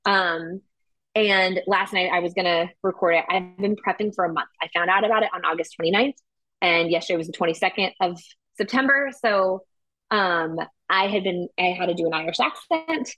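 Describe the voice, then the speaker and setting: A woman's voice: lowish voice, normal speed, bright, forceful tone, no room sound. A woman co-hosting a podcast, telling a story in a casual chat with lots of filler words. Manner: chatty storytelling, heavy use of "like". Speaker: podcast co-host.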